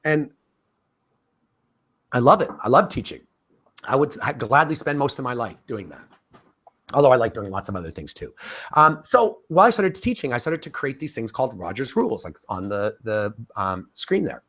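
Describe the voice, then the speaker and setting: Animated man teaching a course. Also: medium pitch, moderate pace. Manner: animated, talkative, frequent fillers and restarts. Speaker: course instructor. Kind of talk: casual spoken lecture.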